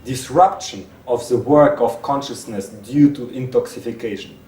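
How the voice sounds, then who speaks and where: Reading aloud in his native Russian, a male presenter breaks in with his own asides and frequently stops, repeats words, and starts phrases over. He speaks a little slowly at medium pitch with a darkish tone, recorded roomy and distant with faint hiss.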